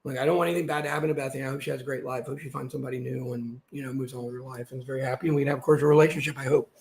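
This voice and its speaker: A man on a live stream, reading a document aloud and breaking into heated, shouted asides. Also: mid-range voice, fairly even intonation, racing, roomy sound. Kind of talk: livestream monologue reading out a document.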